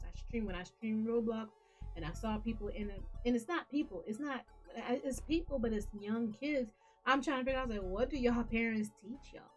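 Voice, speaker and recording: Earnest rambling woman gaming host. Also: mid-range voice. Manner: earnest, rambling, many restarts and repeats. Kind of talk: casual talk to camera.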